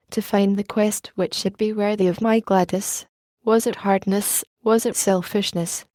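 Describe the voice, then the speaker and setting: A woman narrating an audiobook in a warm, mellow voice. Her delivery is measured and even, recorded close and dry with no room sound. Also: mid-range voice, no echo.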